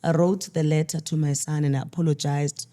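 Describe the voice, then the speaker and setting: Woman, low, mellow voice; grieving mother in interview, candid and halting. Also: little pitch movement. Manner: candid, halting, with restarts and quoted dialogue. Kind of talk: emotional personal storytelling.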